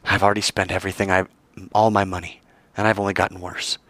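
A male preacher delivering a dramatic sermon, acting out the voices of the story and climbing high in pitch to stress his points. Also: level tone, fast, a bit bright, no room sound. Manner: dramatic, acts out voices and soars in pitch for emphasis.

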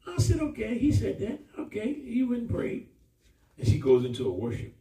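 Male preacher, very high and wildly swooping voice, lively storyteller, mellow tone, echoey church audio picked up from far off. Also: normal speed. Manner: lively, laughing, breaks into shouts while acting out scenes. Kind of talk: storytelling sermon.

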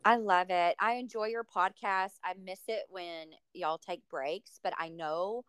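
A woman's voice: on the low side, unhurried, fairly bright tone, clear, resonant tone, no room sound. A woman hosting a podcast interview, enthusiastic and gushing. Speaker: podcast host. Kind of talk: casual interview.

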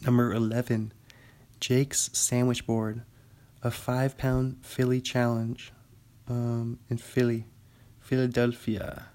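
A young man from Washington state hosts a laid-back solo podcast. He rambles at a middling pitch, chatty and quick to laugh at his own asides. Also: little pitch movement, warm tone. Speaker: podcast host. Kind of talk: casual solo chat.

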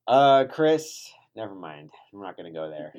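Man, podcast co-host, very low voice, tired, rambling, casual chat. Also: sing-song, moderate pace, a little mellow. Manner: rambling, trails off and restarts. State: tired from poor sleep.

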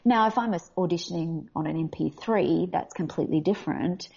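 An Australian actress speaking candidly and animatedly in a casual interview, often laughing. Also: female voice, lowish voice, fairly quick, gravelly, darkish tone, slightly rough. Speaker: voice actor guest. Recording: dull lo-fi audio.

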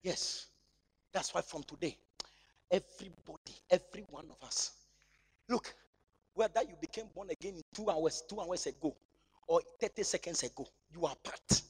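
A man preaching a sermon in church, swinging between shouting and near-whispering. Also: high-pitched, normal speed, long pauses, breathy edge. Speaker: pastor.

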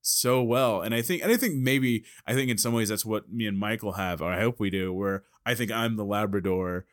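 A man's voice: on the low side, fairly quick, no echo, studio quality. A man hosting a podcast in casual chat, rambling with many fillers and restarts and laughing often. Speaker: podcast host.

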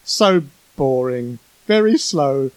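A man's voice: medium pitch, lively intonation, takes it slowly, clear, resonant tone, no echo, poor audio. A man co-hosting a podcast, reading reviews aloud and swearing with amusement. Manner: sweary, laughing. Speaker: podcast co-host. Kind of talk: casual chat.

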